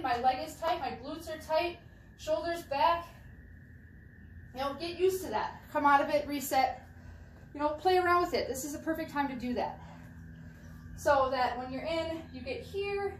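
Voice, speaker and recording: A woman's voice: high-pitched, slight background noise. A young adult woman coaching shot put technique in a casual, demonstrating way, often restarting and repeating phrases as she moves. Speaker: track and field throwing coach. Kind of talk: casual instructional talk while demonstrating. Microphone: camera mic at a distance. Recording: distant camera mic with echo and faint ambience.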